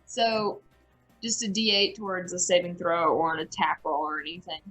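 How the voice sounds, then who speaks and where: Bright-voiced woman playing a tabletop game. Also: on the low side, moderate pace, husky, soft background music, rough recording. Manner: teasing, playful. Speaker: player. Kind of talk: casual tabletop play.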